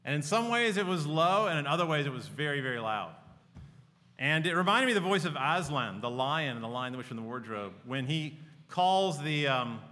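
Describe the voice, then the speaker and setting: A male pastor delivers an earnest, conversational sermon, slipping personal stories into it. His voice sits fairly high with a bright, forceful edge. It rings out with the long reverb of a large church hall. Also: lively intonation, brisk.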